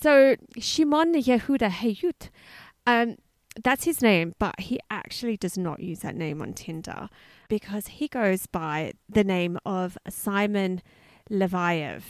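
A woman's voice: medium pitch, takes it slowly, dry recording, clean studio sound. A woman co-hosting a podcast, chatting casually and telling a story with lots of asides. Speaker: podcast co-host.

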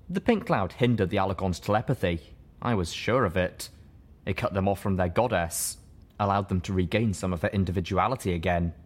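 Reading at an even, measured pace, a man with a fairly low voice steadily narrates an audiobook told in the first person.

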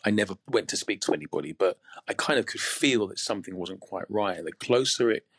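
An English man from the UK, speaking as a podcast guest in a reflective, measured way with frequent pauses. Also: fairly low pitch, lively intonation, a bit bright, breathy edge, no room sound, clean studio sound. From United Kingdom. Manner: reflective, measured, pausing often. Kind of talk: candid interview conversation.

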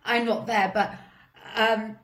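A woman's voice: a little high, steady tone, takes it slowly, a bit bright. Woman host in an echoey room. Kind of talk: interview chat.

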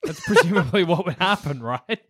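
A man's voice: high-pitched, huge pitch swings, normal speed, breathy edge. An Australian man co-hosting a casual comedy podcast, teasing and laughing often. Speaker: podcast co-host.

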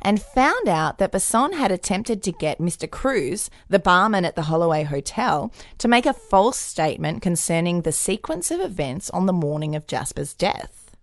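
Woman, podcast co-host, casual true crime storytelling, punny jokes, low-ish voice, very animated pitch, dry close sound. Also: normal speed, no room sound. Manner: jokey, punny, lively storyteller.

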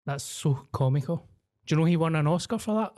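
A Scottish man hosting a podcast, his voice a bit croaky after illness, chatting in jokey, sweary banter. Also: a little high, expressive, a little fast, a little mellow. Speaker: podcast host. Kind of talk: casual chat.

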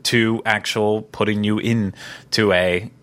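A man's voice: lowish voice, fairly even intonation, slow pace, fairly bright tone. A young man hosting a casual podcast, chatty and enthusiastic with many fillers. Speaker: podcast host.

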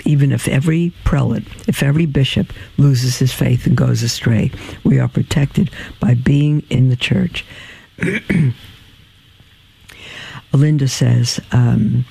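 A tired man hosting a religious radio program, answering listener mail in a halting, plain-spoken way with many ums and restarts. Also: mid-range voice, gravelly, dark tone, husky, rough recording. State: tired and yawning. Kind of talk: religious call-in radio talk.

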